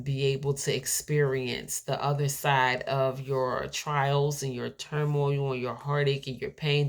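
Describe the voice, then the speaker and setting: A woman delivering an earnest, emotional faith-based motivational talk to her viewers. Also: very deep voice. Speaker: motivational speaker.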